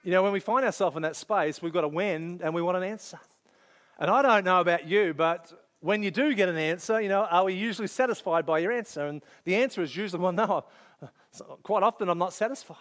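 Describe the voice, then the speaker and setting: A man's voice: sits high, quick pace, fairly bright tone. A middle-aged man, preaching a sermon in a conversational storytelling manner, acting out his own thoughts. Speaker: pastor.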